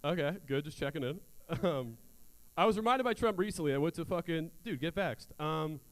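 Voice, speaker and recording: Young man, stand-up comic on a theater stage, crude, self-mocking, conversational, fairly high voice, smooth, resonant tone. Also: expressive, a little fast. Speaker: stand-up comedian. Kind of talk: stand-up comedy set.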